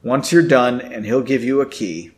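A man doing a gruff, impatient balding clerk. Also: mid-range voice, animated, moderate pace, lightly acted. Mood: curt. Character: grumpy balding male clerk, curt.

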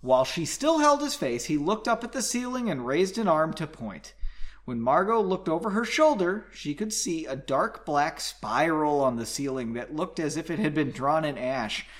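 A man's voice: on the high side, big pitch swings, normal speed. A man casually reading a fantasy novel aloud at home on a couch, with jokey asides between passages. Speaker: audiobook reader.

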